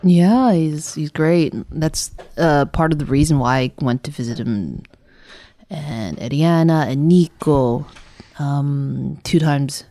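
A woman's voice: sits low, slow, mellow. A woman co-hosting a podcast, talking in a rambling, hesitant way with many fillers and laughs. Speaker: podcast co-host. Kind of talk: casual chat.

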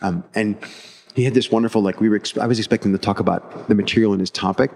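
A man with a low voice and a gravelly edge tells rambling stories in a casual podcast chat. He restarts often and acts out what others said. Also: fairly even intonation, fast, a little mellow. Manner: rambling storyteller, many restarts and acted-out quotes.

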